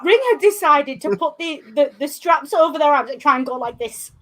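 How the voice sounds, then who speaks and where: A woman with a high, light voice chats on a casual podcast. She is blunt and sweary and tells her stories with plenty of animation. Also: animated, a little fast. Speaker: co-host.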